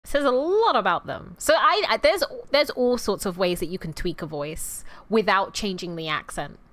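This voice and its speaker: A woman's voice: mid-range voice, expressive, normal speed, a bit bright. A young adult woman streamer chatting casually, with a rambling, self-interrupting delivery and easy laughter. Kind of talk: casual livestream chat.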